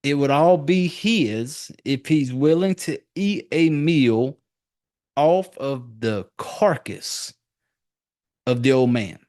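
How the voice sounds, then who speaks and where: A man's voice: mid-range voice, expressive, slow pace, darkish tone. A man in his forties, a podcast host, giving a rambling, profane casual recap of a movie.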